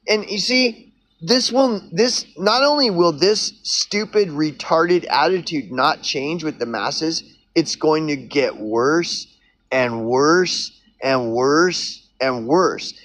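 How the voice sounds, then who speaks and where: A man's voice: fairly high pitch, slow pace, fairly bright tone, dry recording, low-quality recording. A man ranting angrily into the camera, swearing often and repeating himself as he works himself up. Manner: profane, heated, repetitive. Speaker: vlogger. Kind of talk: angry rant to camera.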